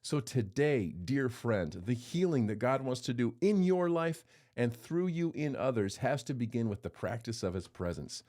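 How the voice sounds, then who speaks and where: A man's voice: mid-range voice, very animated, normal speed, hardly any pauses, a little mellow. A man in his forties hosting a daily devotional, reading scripture and telling a folksy personal story, voicing the people he quotes.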